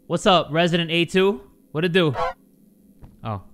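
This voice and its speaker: A man giving jokey, animated commentary to his viewers while playing a horror game, with game music behind him. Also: a little high, moderate pace, noisy background. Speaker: gaming YouTuber. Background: game music and sound effects.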